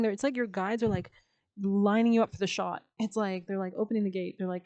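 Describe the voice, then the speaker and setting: A woman reads tarot cards in a loose, chatty way. Her voice is warm and mellow and sits at a middle pitch. She leans on slang and filler words and laughs often as she talks. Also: fairly even intonation, fast talker. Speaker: tarot reader. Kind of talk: casual tarot reading.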